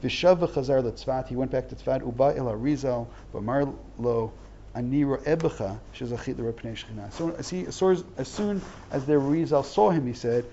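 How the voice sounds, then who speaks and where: Gravelly, mellow-voiced male teacher. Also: mid-range voice, normal speed, a little hiss or hum. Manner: reads Hebrew text aloud, then translates it line by line; earnest and explanatory, with repeated false starts. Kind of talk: text-study lesson. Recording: dull lo-fi recording.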